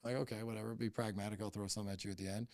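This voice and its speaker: A man's voice: on the low side, level tone, rapid-fire, creaky, a little mellow, no room sound, clean studio sound. A middle-aged man, a company boss on a podcast, telling a story bluntly and heatedly with heavy swearing. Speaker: cannabis company CEO, podcast guest. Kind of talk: casual interview storytelling.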